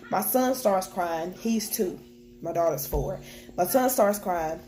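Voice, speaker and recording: With children close by at home, a young woman vlogger shares a personal story in a straightforward, candid way, quoting what people said along the way. Her medium-pitched voice is warm with lively intonation, and she takes her time.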